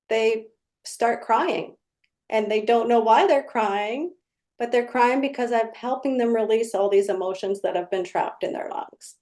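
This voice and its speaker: A woman's voice: on the high side, darkish tone. A woman energy healer explaining her work in casual conversation, telling client stories and acting out their exchanges. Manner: storytelling, acts out client exchanges.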